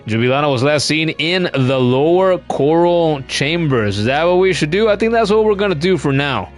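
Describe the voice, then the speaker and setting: A man's voice: on the high side, animated, normal speed, soft background music. A man giving casual, chatty commentary while streaming a game, cursing now and then and reading chat comments aloud.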